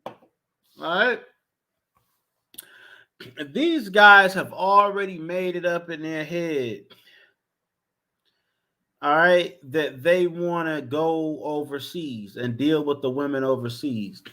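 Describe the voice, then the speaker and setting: Man, high voice, profane repetitive rant, casual talk. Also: takes it slowly, long pauses, sharp tone. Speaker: commentary vlogger.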